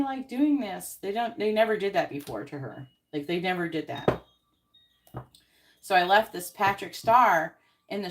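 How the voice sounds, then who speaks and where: A woman who hosts tarot readings, telling a story in an indignant, casual rant full of swearing and fillers. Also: fairly low pitch. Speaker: tarot card reader host.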